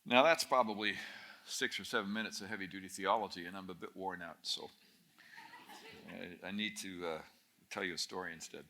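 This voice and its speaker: A man's voice: low-pitched, steady tone, fairly quick, bright, forceful tone. A Canadian man in his late fifties, a guest speaker telling a story at a student camp, wry and self-mocking, with many hesitations. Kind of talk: storytelling talk.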